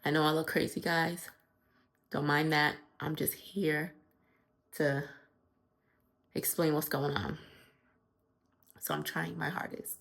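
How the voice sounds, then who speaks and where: Female vlogger, breathless and worn out, low gravelly voice, halting delivery that slips into near-whispers. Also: little pitch movement, a bit bright. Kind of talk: casual video diary.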